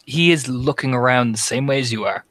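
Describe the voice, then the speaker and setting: A man's voice: medium pitch, a little fast, fairly bright tone, no echo. A man narrating as game master of a tabletop horror game, dramatic and imitating heartbeats. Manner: dramatic, mimics heartbeat sounds.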